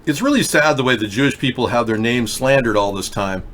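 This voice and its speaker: A man's voice: mid-range voice, lively intonation, a little fast, few pauses, a bit bright, a little hiss or hum. A man hosting a live call-in talk show, rambling and conspiratorial as he talks to callers. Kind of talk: rambling live-stream commentary.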